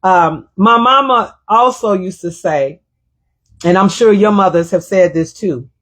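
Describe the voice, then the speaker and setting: A woman's voice: mid-range voice, a little slow, fairly bright tone. A middle-aged woman hosting her own show, telling a personal story in a reflective, emotional way and repeating her phrases. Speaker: show host.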